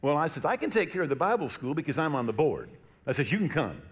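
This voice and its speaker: A middle-aged male pastor preaching a sermon, telling stories and acting out the voices in them loudly. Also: fairly high pitch, quick pace, breathy edge. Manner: animated storytelling, acts out quoted voices loudly.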